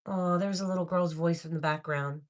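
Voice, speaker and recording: A woman hosting a live-stream spirit box session, excitable and talking straight to her viewers. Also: lowish voice, moderate pace.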